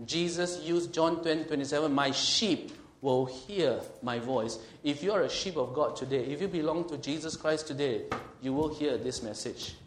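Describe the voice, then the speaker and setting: Preaching man in an echoey church hall. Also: on the high side. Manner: emphatic preaching, slows and swells on scripture, asks the room questions. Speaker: pastor. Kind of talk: sermon. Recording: roomy hall echo.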